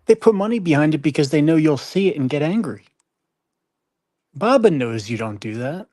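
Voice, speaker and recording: A co-host on a livestream, talking in a calm and reassuring way. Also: medium pitch, moderate pace, dry recording, clean studio sound. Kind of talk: casual livestream chat.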